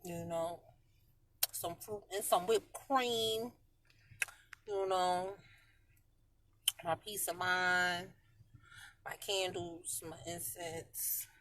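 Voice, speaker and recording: A woman chatting casually on a live stream from her parked car, slangy and swinging between loud and quiet. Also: on the low side, steady tone, extremely slow, pauses often, a little hiss or hum. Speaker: vlogger talking live to viewers.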